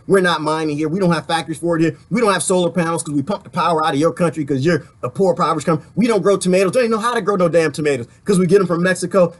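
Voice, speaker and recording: A man giving a rambling, animated political rant to his online viewers, talking straight to them and laughing along the way. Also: on the high side. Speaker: vlogger.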